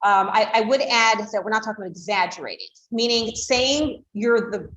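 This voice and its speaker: A woman's voice: a little high, lively intonation, normal speed, fairly bright tone, lo-fi sound. A woman teaching a class, explaining with frequent fillers like "you know" and acting out tones of voice to make her points. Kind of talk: lecture to a class. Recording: roomy echo.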